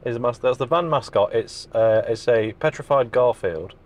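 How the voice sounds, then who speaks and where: A food and travel vlogger chats to his camera from inside a parked van, his voice medium-pitched, moderately paced and darkish in tone. He's jokey and talkative with a self-deprecating streak, and the camera mic catches the close sound of the vehicle.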